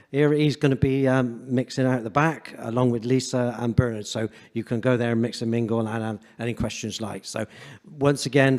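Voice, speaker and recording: A man's voice: mid-range voice, a little mellow. A man hosting a meeting, wrapping up with informal, hesitant announcements. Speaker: event host. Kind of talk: closing announcements. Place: conference hall. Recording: long hall reverb.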